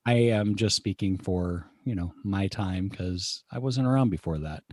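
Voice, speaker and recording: A man co-hosting a casual podcast chat, calmly reading out parenting advice from an article. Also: deep voice, measured pace, no echo, clean studio sound. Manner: relaxed, reads out article quotes. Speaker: podcast co-host.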